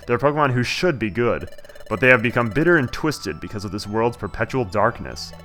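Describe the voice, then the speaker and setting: A man voicing a stern lizard fighter, lower voice, clipped, grave, game dialogue. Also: expressive, a little fast, a bit bright, soft background music, natural voice. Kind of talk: reading game dialogue aloud.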